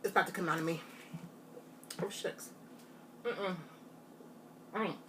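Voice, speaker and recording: A woman chatting straight to her viewers in a casual challenge vlog, animated and drawling. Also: fairly low pitch, a little slow, recorded from a distance. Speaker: vlogger. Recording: faint noise, voice off from mic.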